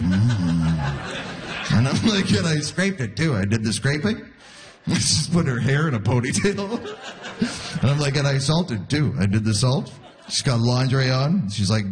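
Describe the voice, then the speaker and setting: Lively stand-up comic in his forties. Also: medium pitch. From Canada. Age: 40s. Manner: lively, acts out quoted voices, laughs at his own jokes. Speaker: stand-up comedian. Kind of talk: stand-up comedy set. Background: audience laughter.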